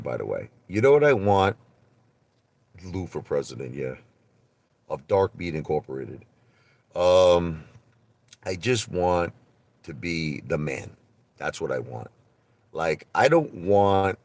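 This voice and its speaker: A man chatting casually on a live stream, rambling and animated as he tells stories. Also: low voice, measured pace, long pauses, dry recording. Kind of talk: rambling casual livestream chat.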